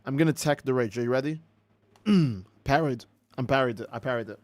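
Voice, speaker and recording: A man hosting a game livestream, chatting casually and ranting in an animated, profane, exasperated way. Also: mid-range voice, fairly quick, no room sound. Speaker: livestream gamer host.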